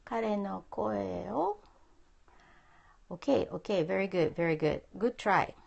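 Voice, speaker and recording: A woman teaching a live-streamed language lesson. She speaks slowly and patiently, repeating words for her viewers, with a gravelly edge to her voice. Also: medium pitch, expressive, a little mellow, lo-fi sound. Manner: patient, repeats phrases, mixes English and Japanese. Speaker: Japanese teacher. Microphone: phone.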